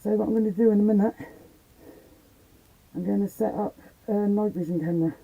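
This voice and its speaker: A woman's voice: medium pitch, steady tone, a little fast, creaky, breathy edge, phone-quality sound. A woman chatting bluntly and casually on a live stream from the attic of an old house as a paranormal investigator.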